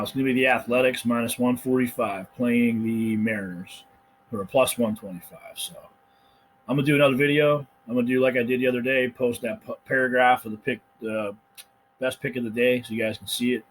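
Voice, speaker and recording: A man hosting a sports betting picks channel, telling stories in a casual, profane, animated rant. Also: medium pitch, a little fast, slight background noise, poor audio. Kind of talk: casual ranting monologue.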